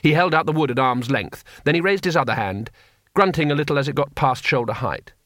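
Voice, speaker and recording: A man narrating an audiobook with expressive storytelling. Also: a little high, brisk, no echo, studio quality. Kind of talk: scripted narration.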